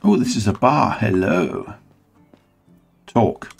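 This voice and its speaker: A man's voice: mid-range voice, lively intonation, a little slow, creaky, husky, soft background music. A man rambling and swearing through a let's play, mocking the game as he goes. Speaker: gaming channel host.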